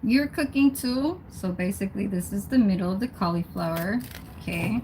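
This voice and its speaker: A woman's voice: medium pitch, moderate pace, dark tone. Chatty woman hosting a noisy cooking livestream. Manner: chatty, talks to viewers as "y'all", swears casually. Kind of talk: casual livestream chat. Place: home kitchen, then outdoors.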